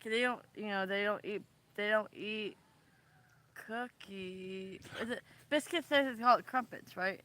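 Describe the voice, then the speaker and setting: A woman chatting casually on a vlog, meandering and pausing often with ums and trailing sentences. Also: mid-range voice, pushed and bright. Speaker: vlogger. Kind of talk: rambling casual chat.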